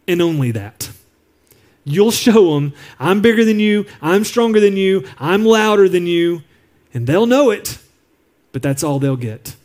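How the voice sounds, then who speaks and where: A man's voice: high voice, darkish tone. A man preaching a sermon as a pastor, telling a personal story in an earnest, confiding way. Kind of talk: sermon on parenting. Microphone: recorded apart from the congregation.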